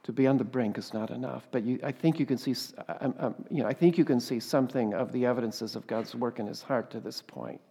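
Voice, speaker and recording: A male pastor preaching a sermon, swinging between loud, fervent emphasis and quiet asides, often ending points with rhetorical questions. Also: medium pitch, fast talker, creaky, few pauses, slightly rough, long reverb tail. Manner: rhetorical tag questions and repeated exclamations.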